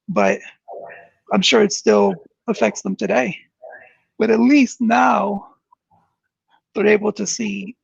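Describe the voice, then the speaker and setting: A man's voice: creaky, breathy edge, dry recording. A man speaking earnestly as an interview guest, searching for words and restarting often. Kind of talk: reflective interview talk. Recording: dull muffled low-fidelity sound.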